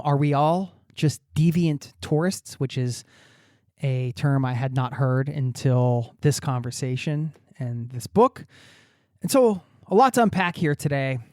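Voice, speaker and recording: A man hosting a travel podcast, talking in a friendly, energetic way and interviewing a guest. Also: medium pitch, no room sound, studio quality. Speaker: podcast host.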